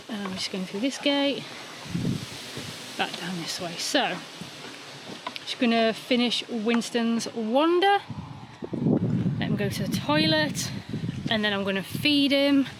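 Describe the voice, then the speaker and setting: A woman's voice: fairly high pitch, a bit bright, a little hiss or hum. A woman vlogging in a chatty, self-mocking way, sometimes talking to her dog. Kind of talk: casual vlog narration. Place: outdoors on a dog walk and in a campervan.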